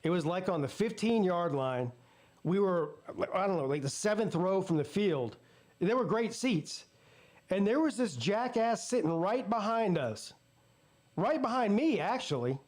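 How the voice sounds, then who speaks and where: A man's voice: high voice, expressive, unhurried, a little mellow. A man hosting a live football watch party, casually ranting and telling stories with plenty of swearing. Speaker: sports channel host. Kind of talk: live game watch-party commentary and storytelling.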